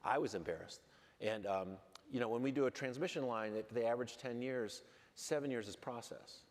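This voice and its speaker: A man's voice: medium pitch, brisk. A man speaking as a lawmaker on a panel, talking candidly and bluntly with a wry, self-deprecating edge, on a stage microphone in a large event hall. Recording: long hall reverb.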